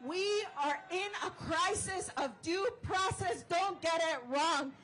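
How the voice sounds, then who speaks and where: A woman giving a fired-up speech at an outdoor protest rally, shouting chants and leading call-and-response. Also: extremely high pitch, slow pace, slight background noise, poor audio. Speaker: rally speaker and organizer.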